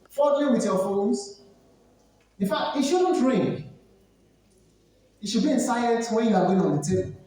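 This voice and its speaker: An etiquette trainer with a Nigerian accent and a dark, medium-pitched voice lectures students emphatically at a seminar, returning to key points again and again. The sound is distant from the mic in an echoey hall.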